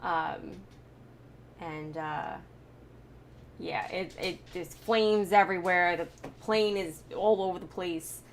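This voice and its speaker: A woman's voice: lowish voice, fairly even intonation, takes it slowly. Woman from the United States, host, chatty movie recap, faint hiss behind her. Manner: chatty, laughs often, many fillers and restarts. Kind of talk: casual movie reaction chat.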